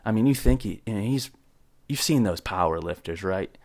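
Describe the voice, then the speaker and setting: A young man rants on his solo podcast, his low voice swinging wide between grumbling and indignant squeaks. He jokes and rambles in mock outrage. The sound is close and dry, with no room at all. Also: lively intonation, normal speed, a little mellow, no room sound. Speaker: podcast host. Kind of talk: solo comedic podcast rant. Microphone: close podcast mic.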